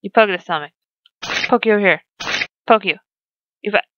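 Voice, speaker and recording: A woman's voice: mid-range voice, fairly quick, lo-fi sound, background noise. A young woman commenting on her game as she plays, chatty and swearing as she reacts. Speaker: gamer. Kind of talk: let's play commentary.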